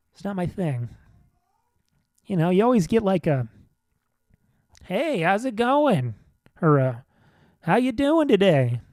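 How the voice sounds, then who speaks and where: A man's voice: fairly high pitch, darkish tone, dry recording, studio quality. A man hosting a casual solo podcast, rambling in an offhand, self-deprecating way from the back room of a comedy venue. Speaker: podcast host.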